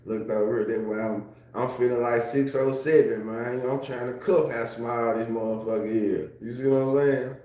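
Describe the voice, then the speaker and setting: Man, casual livestream chat, profane and laughing, mid pitch, very echoey room. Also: fairly even intonation, normal speed, hardly any pauses, warm tone. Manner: loose, profane, laughing often.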